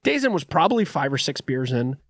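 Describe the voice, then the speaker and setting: A young man with a fairly high voice tells a story with rambling energy, casual and unpolished. His voice sounds dry and close, with no room echo. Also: sing-song, brisk. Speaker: podcast co-host.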